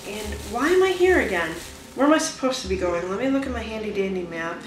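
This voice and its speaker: A woman's voice: mid-range voice, very animated, fast talker. A woman giving rambling, chatty gameplay commentary, with wry asides to her viewers. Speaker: let's play commentator. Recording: echoey room, distant mic, music behind.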